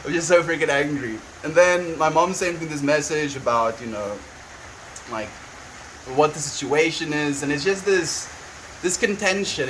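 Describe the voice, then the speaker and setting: Young man, livestreamer, casual rambling chat, frequent laughs, restarts, a bit high-pitched. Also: a bit bright, slight background noise, poor audio. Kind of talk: casual chat, venting and reading chat. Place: at home on a farm.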